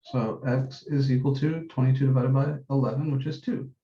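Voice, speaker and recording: Male math instructor, very dark tone, methodical classroom delivery, echoey room. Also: mid-range voice, steady tone. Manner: methodical, repeats key steps, says numbers slowly while writing. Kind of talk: classroom lecture. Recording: dull echoey classroom recording.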